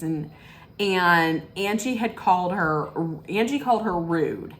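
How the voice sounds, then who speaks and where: A woman in a casual, gossipy recap, talking slowly and taking her time. Her voice sits a little low, and she rambles from one point to the next, slipping into the quotes as she goes. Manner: rambling storytelling, acts out quotes. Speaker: reality TV recapper.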